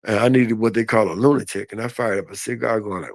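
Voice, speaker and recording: An older man telling a story in a casual, animated and folksy way on a live stream. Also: fairly low pitch, fast talker, gravelly, few pauses, dry recording.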